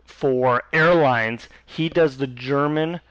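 A man co-hosting a podcast, chatting casually with quick joking asides. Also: medium pitch, a bit bright, clear, resonant tone, dry recording. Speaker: podcast co-host. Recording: dull lo-fi podcast audio.

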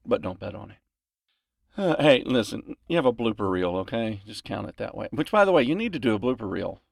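A man's voice: fairly low pitch, sing-song, a little fast, vocal fry, no echo, clean studio sound. A man recording voice lines in a home closet, out of breath and rambling in self-mocking asides between takes. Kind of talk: casual outtakes chatter.

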